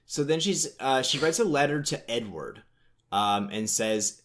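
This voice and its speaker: A man's voice: medium pitch, expressive, measured pace. A man co-hosting a podcast, casually recapping a book in a rambling way with lots of fillers. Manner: rambling, filler-heavy retelling. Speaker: podcast co-host.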